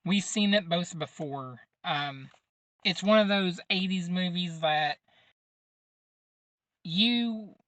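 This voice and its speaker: A man's voice: high-pitched, takes it slowly, long pauses, fairly bright tone, dry recording, lo-fi sound. A man hosting a podcast, casually recapping a movie's plot in a rambling way, with lots of fillers and informal grammar. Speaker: podcast host.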